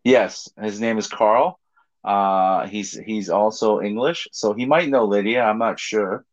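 A man's voice: fairly low pitch, unhurried. A man co-hosting a podcast in casual chat, rambling and laughing often. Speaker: podcast co-host. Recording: dull lo-fi sound.

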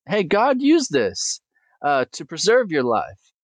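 A man's voice: a little high, sing-song, moderate pace, no echo. A man preaching a sermon, earnestly asking questions and reading scripture aloud with small stumbles.

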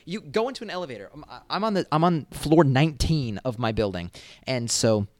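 A man's voice: mid-range voice, animated, a little fast, dry recording. A young man in college talking casually and rambling to the camera, swearing freely and acting out little voices. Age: young adult. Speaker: college student vlogger. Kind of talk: casual monologue.

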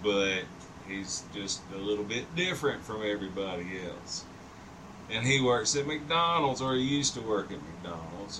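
Rambling, laughing man heard from a distance. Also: lowish voice. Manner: rambling, laughs often, profane. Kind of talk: casual storytelling chat. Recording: distant mic with noticeable background noise.

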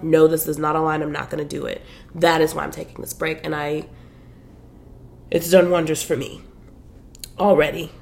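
Woman podcast host, slightly low voice, loose and chatty, slangy casual delivery. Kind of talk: casual chat about books.

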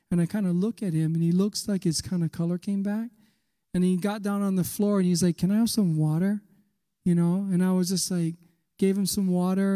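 High-voiced man telling a sermon story. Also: no room sound, in a large hall. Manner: animated storytelling with quoted voices. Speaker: preacher. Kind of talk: sermon testimony.

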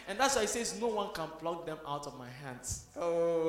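A man preaching a sermon, moving from hushed passages up to shouted emphasis. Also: fairly high pitch, animated, moderate pace, roomy sound.

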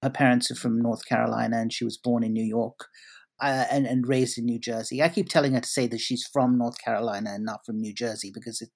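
A middle-aged man from Britain talks through personal stories in an interview. His voice sits at an ordinary pitch, and his delivery is wry and halting, full of small restarts. He breaks into a laugh now and then as he recalls events. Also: fairly even intonation. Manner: anecdotal, hesitant with restarts, wry. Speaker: interview guest, journalist. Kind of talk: conversational interview.

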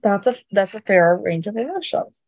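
Lively, expressive woman. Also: medium pitch, normal speed, dry recording, lo-fi sound. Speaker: podcast co-host. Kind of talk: casual chat recapping a TV episode.

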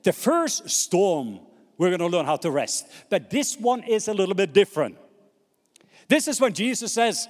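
Male pastor, high voice, long hall reverb; slow dramatic scripture reading with call-and-response. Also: sing-song. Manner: call-and-response, has the congregation repeat words; slows down to read scripture dramatically. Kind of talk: sermon.

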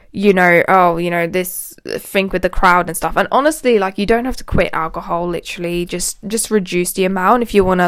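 A young woman hosts a casual spiritual talk, her voice smooth and clear in a dry, close recording. She rambles along with plenty of fillers and restarts. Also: medium pitch, no room sound. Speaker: podcast host.

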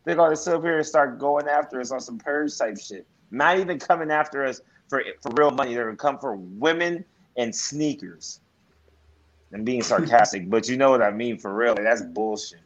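A man's voice: medium pitch, moderate pace, muffled recording. A man co-hosting a casual talk show, venting indignantly with profanity and sarcasm. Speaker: podcast co-host. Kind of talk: casual chat.

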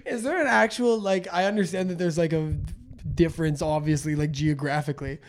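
A man with a high voice talks on a comedy podcast as an animated storyteller. He laughs at his own jokes and swears freely, keeping a loose, conversational rhythm. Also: a little fast. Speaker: comedian guest. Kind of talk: casual comedy podcast chat.

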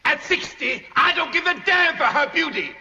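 An actor playing a cruel, insulting slave master of sixty in a film, harsh and commanding. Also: male voice, very high voice, animated, moderate pace, bright, forceful tone, big-room sound, lo-fi sound, heavily acted. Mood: contemptuous.

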